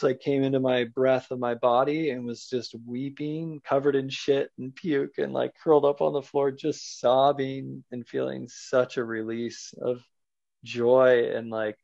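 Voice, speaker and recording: On a podcast, a man earnestly and searchingly recounts a personal experience, loose with fillers as he tells his story in interview form. His mid-range voice is gravelly and darkish, with no room sound, on a dull lo-fi recording.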